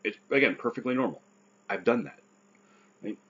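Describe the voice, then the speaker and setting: A man's voice: medium pitch, moderate pace, gravelly, a bit bright, slightly rough, muffled recording. A man who survived a stroke gives earnest, casual advice, often checking in with "right?".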